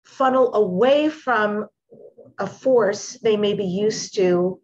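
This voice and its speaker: A woman's voice: medium pitch, a little mellow, slight background noise. Woman host with muffled lo-fi sound. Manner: searching, halting questions with restarts. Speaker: podcast host. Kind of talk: casual interview chat. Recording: dull, lo-fi remote audio.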